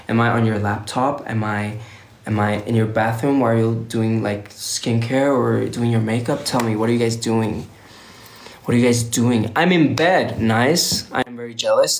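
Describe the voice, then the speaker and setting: Tired, playful young man. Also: mid-range voice. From Sweden. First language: Swedish. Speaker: livestream host. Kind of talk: casual livestream chat reading viewer comments. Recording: roomy echo.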